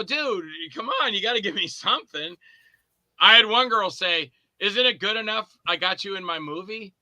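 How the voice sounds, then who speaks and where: This podcast guest, an actor and indie filmmaker, rambles through casual stories and plays both sides of the conversations he recounts. He has a high, sharp, bright voice, recorded close and dry with no room sound at all.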